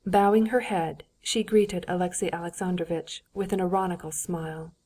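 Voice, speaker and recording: A woman narrating a classic novel as an audiobook in an even, measured storytelling manner. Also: lowish voice. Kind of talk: scripted narration.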